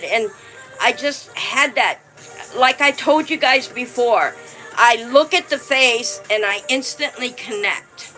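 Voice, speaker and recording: A woman chats casually on her live stream in a high, bright voice. She takes her time, thanking viewers by name and talking fondly. Faint music plays quietly behind her. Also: a little slow, rough recording. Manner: chatty, thanks viewers by name, warmly fond of her dolls.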